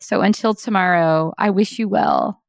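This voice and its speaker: A middle-aged woman hosting a daily encouragement show, speaking in a heartfelt, reflective way with soft laughs, often slowing down to savor a line. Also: mid-range voice, vocal fry, no room sound, studio quality. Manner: heartfelt, laughs softly, slows to savor lines. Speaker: host of a daily encouragement podcast. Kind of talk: warm reflective monologue, partly read.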